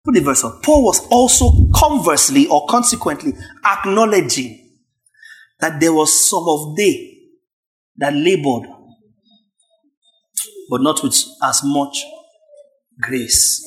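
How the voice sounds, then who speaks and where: A man preaching a sermon, emphatic and repetitive, rising to shouts at his peaks. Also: a little high, animated, slow, long pauses, faint music behind. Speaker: pastor.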